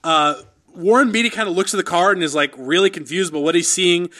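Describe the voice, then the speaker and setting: A young man with a high, bright voice recounts a story over a casual podcast chat. He rambles, leans on fillers and slips into acted-out quotes as he goes. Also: fast. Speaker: podcast co-host.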